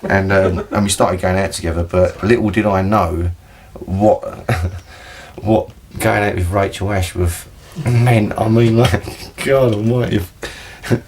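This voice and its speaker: A man's voice: fairly low pitch, steady tone, slow, hardly any pauses, darkish tone, slight background noise. A man telling rambling anecdotes in a casual interview, laughing often and swearing freely. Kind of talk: casual storytelling chat.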